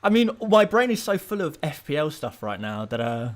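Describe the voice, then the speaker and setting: A young man from England chatting casually on a live stream, rambling and self-mocking, with bursts of playful excitement while he reads viewer comments. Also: on the high side, moderate pace. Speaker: fantasy football streamer.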